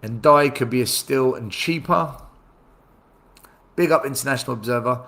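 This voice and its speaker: A man's voice: medium pitch, normal speed, fairly bright tone. Chatty male fan channel host. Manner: hype-man introductions, banter. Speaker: host of fan watchalong show. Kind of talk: casual chat with live chat readers.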